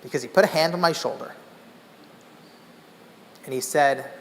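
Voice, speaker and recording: Man, from Los Angeles, keynote speaker, animated storytelling, long hall reverb. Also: a little high, moderate pace, long pauses, a little hiss or hum. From Los Angeles, USA. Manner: animated, acts out the people in his story. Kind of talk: storytelling talk on stage. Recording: echoey conference hall.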